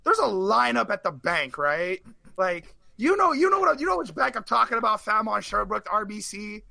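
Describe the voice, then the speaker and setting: Casting: high-voiced man, bright tone, dry close sound, rambling storyteller. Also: normal speed, vocal fry, dry recording. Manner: animated, rambling anecdote with repeated fillers. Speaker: guest. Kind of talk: casual storytelling on a live stream.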